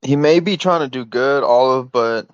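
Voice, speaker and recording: Speaking at a normal speed, this man's clear, resonant, mid-range voice comes over dull lo-fi audio with no room sound. The private call is heated, and he pushes his point in an exasperated way, leaning heavily on "like" and "you know."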